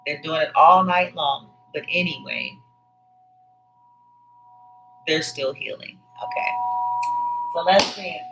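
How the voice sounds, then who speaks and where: A woman with a low voice gives a loose, casual tarot reading, wandering from card to card with lots of fillers and restarts. Music plays clearly behind her. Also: measured pace, poor audio. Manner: rambling, with many fillers and restarts. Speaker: tarot reader.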